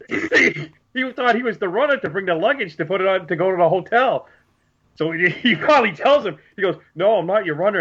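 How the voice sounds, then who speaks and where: On a podcast, a male co-host tells a story in casual conversation, animatedly acting out what people said. His voice is high-pitched with a breathy edge, and the recording has a dull, lo-fi sound.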